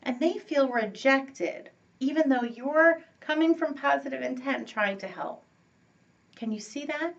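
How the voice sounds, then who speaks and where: A woman giving a relationship coaching talk, upbeat and animated, laughing and acting out what friends and family say. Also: sits high, unhurried, gravelly, recorded from a distance, lo-fi sound. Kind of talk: teaching talk to camera.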